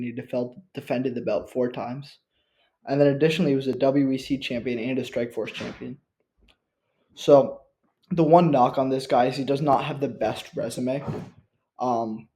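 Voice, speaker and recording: Using his computer's built-in mic, a channel host runs through a ranking list casually in a single take. He stops often, filling gaps and restarting sentences, and his mid-range voice has a dark tone.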